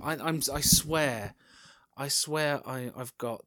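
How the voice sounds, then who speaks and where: A man's voice: mid-range voice, animated, unhurried, dry recording, studio quality. A man in his thirties hosting a casual solo podcast, rambling and sidetracking, often restarting his sentences. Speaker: podcast host.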